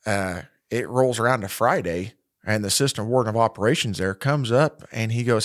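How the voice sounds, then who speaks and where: A man with a Midwestern American accent, a podcast guest telling a story in a relaxed, rambling way with many fillers and restarts. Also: on the low side, a little fast, no room sound, clean studio sound. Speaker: podcast guest, corrections lieutenant. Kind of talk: casual storytelling interview.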